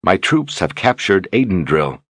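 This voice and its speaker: A man voicing a young queen who reads a grave letter aloud, solemn and measured, in a storybook reading. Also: low-pitched, big pitch swings, fairly bright tone, dry recording, clean studio sound, heavily acted.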